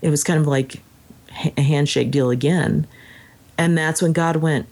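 She has a low voice, keeps a moderate pace and pauses often while co-hosting a casual conversation about a book. Reflecting on the story, she occasionally reads passages aloud with animation.

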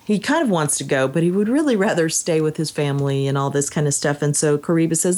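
Low-voiced woman musing on a book. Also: moderate pace. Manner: reflective, reads passages aloud, animated when quoting. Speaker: book discussion co-host. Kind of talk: casual chat about a book.

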